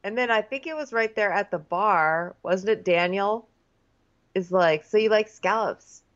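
A woman co-hosting a podcast, casually recapping a reality show and acting out scenes in quick voices. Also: medium pitch, a bit bright. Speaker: podcast co-host. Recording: dull lo-fi audio.

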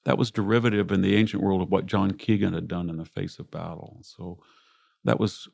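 A man's voice: low-pitched, fairly even intonation, fairly quick, creaky, darkish tone, breathy edge, no echo, clean studio sound. An older American man, a historian guest in an interview, telling reflective stories about his family and war. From United States. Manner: reflective, anecdotal, voices relatives in quotes. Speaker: guest, classicist and military historian. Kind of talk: conversational interview storytelling.

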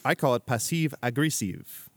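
A man's voice: mid-range voice, big pitch swings, normal speed, no room sound, natural voice. Guy doing a petty over-the-top rival, voice swoops up and down, dry close mic. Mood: mock-serious. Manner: mock-dramatic, passive-aggressive, chummy. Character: petty, theatrical male feud rival. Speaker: rival club leader. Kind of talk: improvised comedy scene.

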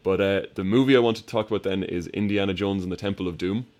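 A man chatting casually on a podcast, retelling movie scenes with animated, laughing energy. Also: deep voice, fast talker. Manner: animated storyteller, acts out film scenes with laughter. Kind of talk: casual chat.

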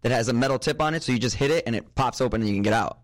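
A man co-hosting a podcast, chatting casually in an animated, jokey way. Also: medium pitch, rapid-fire, no room sound. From United States. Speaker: podcast co-host. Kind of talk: casual chat.

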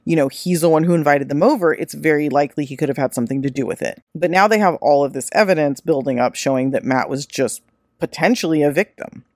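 A woman's voice: low voice, fast talker, darkish tone, dry recording, studio quality. A woman hosting a solo true-crime podcast, retelling a case in a casual, profane way and acting out the quoted lines. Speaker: podcast host.

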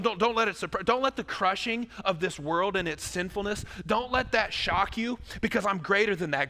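A man preaching a sermon in a church, lively and joking, with asides to the congregation. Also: high-pitched, long reverb tail. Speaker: pastor.

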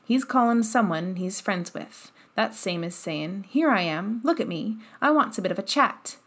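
A woman's voice: mid-range voice, lively intonation, fairly bright tone. Woman doing an easygoing Yorkshire moor boy. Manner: easy, unhurried dialect speech.

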